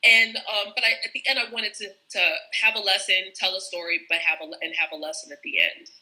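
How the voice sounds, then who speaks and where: A woman's voice: medium pitch, fairly even intonation, fast, bright, forceful tone, rough recording. A woman who writes children's books, chatting casually on a live video stream, with many restarts and fillers. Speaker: children's book author. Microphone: phone or laptop on a live video stream.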